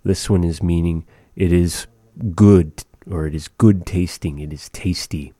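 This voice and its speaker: A man teaching words of a language in a relaxed, chatty way, repeating each word slowly. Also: low-pitched, no room sound. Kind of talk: casual language lesson.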